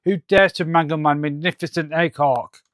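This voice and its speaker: Scheming villain scientist read by a guy, smooth dry voice, lots of uhs. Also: on the high side, fairly even intonation, normal speed, fairly bright tone, dry recording, natural voice. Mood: boastful. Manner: hesitant reading with fillers.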